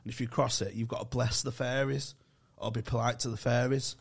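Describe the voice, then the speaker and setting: Brief: man, mid-pitched, rambling storyteller who swears freely, loose podcast banter. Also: flat delivery, brisk, creaky, slightly rough. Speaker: comedian guest. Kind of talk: casual podcast chat.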